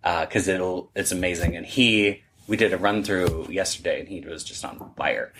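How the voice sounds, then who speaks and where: Animated low-voiced man being interviewed. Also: moderate pace, noisy background. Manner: animated, acts out quoted dialogue. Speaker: guest, podcast creator. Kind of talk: casual convention interview.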